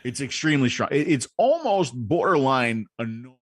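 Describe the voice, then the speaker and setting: A man's voice: mid-range voice, big pitch swings, normal speed, no echo. Playful man co-hosting a stream. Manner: teasing, playful banter. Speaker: co-host. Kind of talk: casual live-stream chat.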